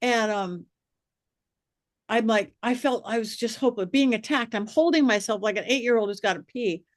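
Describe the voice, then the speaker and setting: A woman with a fairly high voice, speaking as a psychic medium who is a guest on a podcast. She tells her stories with animation and slips into the voices of the people in them. The sound is dry and close, with no room echo. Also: normal speed. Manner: lively, acts out quoted voices. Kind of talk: animated storytelling in a podcast interview.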